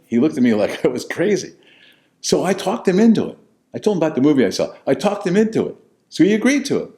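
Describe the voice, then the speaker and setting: Older American man, storyteller and host, lively pitch, mellow tone, blunt and salty. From United States. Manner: animated, blunt, profane, swings from loud to low. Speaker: podcast host telling his life story. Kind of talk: casual storytelling monologue.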